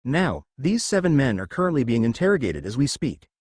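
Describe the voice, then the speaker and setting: Give me a man playing a grave, measured old village leader. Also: medium pitch, very animated, a little mellow, breathy edge, no room sound, clean studio sound.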